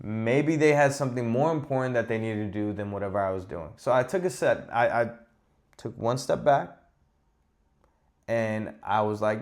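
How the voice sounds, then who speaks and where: A man's voice: mid-range voice, moderate pace. Exasperated man ranting on a podcast. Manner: animated, exasperated, profane. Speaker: podcast host. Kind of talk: casual ranting monologue.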